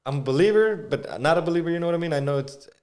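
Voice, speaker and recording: A man in casual podcast chat, relaxed and agreeable, with slangy speech. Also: fairly high pitch, racing.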